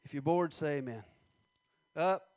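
A man preaching a sermon, reading scripture slowly and stressing words, with many questions to the congregation. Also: on the high side, darkish tone, no room sound.

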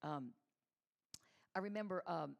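Woman, middle-aged, low voice, gravelly, storytelling sermon, conversational. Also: measured pace. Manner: warm, conversational, acts out quoted voices. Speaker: church speaker, mother.

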